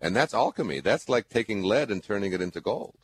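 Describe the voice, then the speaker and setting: A husky older man hosts a call-in show. His low voice leaps around with lively rises and dips. He rambles earnestly and restarts his thoughts often as he gives spiritual advice. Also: a little fast, dry recording. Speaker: radio show host.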